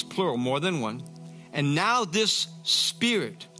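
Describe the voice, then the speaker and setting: A man preaching with a high, bright, forceful voice. He reads scripture and keeps stopping to comment and exclaim in fervent praise. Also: big pitch swings, slow, soft background music. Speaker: pastor. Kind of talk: sermon, reading scripture with commentary.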